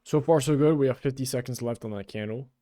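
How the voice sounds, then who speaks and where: A young man giving casual, excitable live trading commentary, swearing often and calling people "bro". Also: medium pitch, fast talker, dry recording, studio quality. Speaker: day trader.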